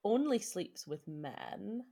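A young woman co-hosting a podcast in casual chat, talkative and quick to laugh, often trailing off into filler words. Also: medium pitch, sing-song, gravelly, mellow. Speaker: podcast co-host.

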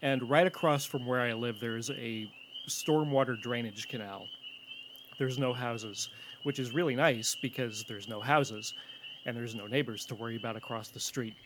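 A man's voice: mid-range voice, steady tone, normal speed, noisy background. A man hosting a podcast, talking in an easygoing, affirming way. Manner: easygoing, affirming, wraps up with sponsor thanks. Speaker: podcast host. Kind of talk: casual chat.

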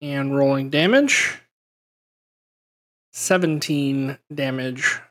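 Slow, hesitant tabletop game player. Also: medium pitch, fairly bright tone. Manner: hesitant, thinking aloud.

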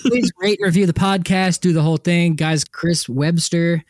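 A young man co-hosting a podcast, telling stories in a casual, animated way with lots of laughter. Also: moderate pace, no room sound, clean studio sound. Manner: animated, laughing, frequent likes and jumpy pitch. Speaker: podcast co-host. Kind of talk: casual storytelling chat.

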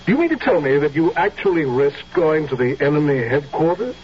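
An actor playing a grave, authoritative general questioning a soldier in a 1970s radio drama, from a dull old broadcast recording. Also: male voice, a little high, animated, slight background noise, lightly acted. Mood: probing. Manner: measured, authoritative. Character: stern commanding general, probing and grave.

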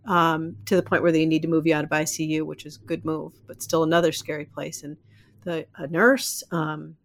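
Woman guest, low voice, animated and rambling storyteller. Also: brisk. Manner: animated, rambling, laughs often. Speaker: podcast guest. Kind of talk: storytelling in casual interview.

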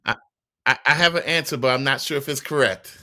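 A man's voice: mid-range voice, brisk, sharp tone. A man who teaches band at a university, chatting casually on a podcast and thinking aloud with hesitant restarts. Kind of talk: casual chat.

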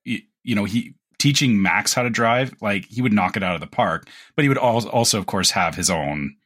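A man's voice: lowish voice, expressive, a little fast, a bit bright. A man co-hosting a podcast in casual chat, rambling and repeating words as he talks. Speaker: podcast co-host.

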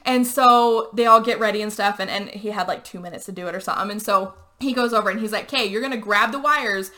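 A woman hosting a podcast, recapping a movie in casual, animated chat. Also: mid-range voice, fast talker. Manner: animated storytelling with frequent likes and laughs. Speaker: podcast host.

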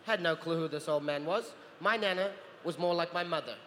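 A man in his thirties, a guest actor at a convention panel, telling lively anecdotes and acting out the people he quotes. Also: a little high, brisk. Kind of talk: Q&A storytelling. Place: large convention hall. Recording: echoey hall with long reverb, faint noise.

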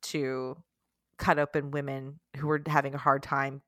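A woman's voice: a bass voice, little pitch movement, measured pace, fairly bright tone, no room sound, clean studio sound. A woman co-hosting a podcast, chatting casually in a playful, giggly way and telling stories with drama. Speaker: podcast co-host. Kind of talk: casual chat.

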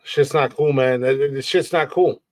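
A man hosting a live show who rants with heavy swearing and keeps circling back to the same complaints. His voice sits at an ordinary pitch and sounds dry and close to the mic. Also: moderate pace, dry recording. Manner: heated, profane, repetitive, frustrated. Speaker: podcast host. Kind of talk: profane live-stream rant.

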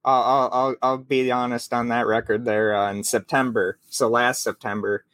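A man's voice: mid-range voice, flat delivery, moderate pace, fairly bright tone, no room sound. A man in his late twenties from Minnesota with a Minnesota accent, hosting a podcast interview over a video call and rambling with many fillers. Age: 20s. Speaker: podcast host.

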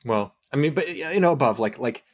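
A man's voice: mid-range voice, expressive, fast talker. He is a man hosting a casual podcast, encouraging his guest. He feels his way through his thoughts, restarting sentences as he goes. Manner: supportive, hesitant, many restarts. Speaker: podcast host.

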